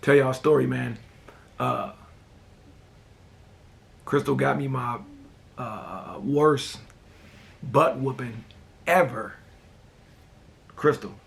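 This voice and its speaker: A man hosting a casual talk show, telling personal stories in a relaxed way and often repeating "man" and "you know.". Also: medium pitch, creaky. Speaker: host.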